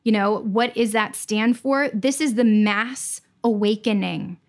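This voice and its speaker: Give me an earnest woman guest on a podcast, intense and open, at a medium pitch. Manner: earnest, intense, speaks in rushing bursts. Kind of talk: candid podcast conversation.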